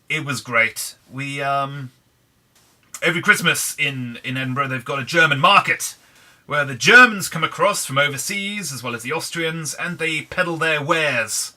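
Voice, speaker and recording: Playing Minecraft for his gaming channel, this Englishman keeps up a relaxed, dryly self-mocking commentary in a mid-range voice that sounds pushed and bright.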